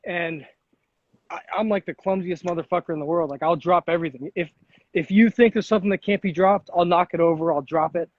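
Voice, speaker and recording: A man's voice: high voice, brisk, no echo. A young man telling stories in casual chat, swearing often and acting out the voices of people he quotes. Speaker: podcast host. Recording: dull lo-fi sound.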